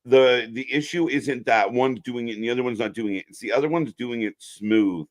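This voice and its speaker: A man's voice: mid-range voice, moderate pace. A man co-hosting a live wrestling watch-along, chatting casually and laughing often. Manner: chatty, laughs often, asks viewers to subscribe.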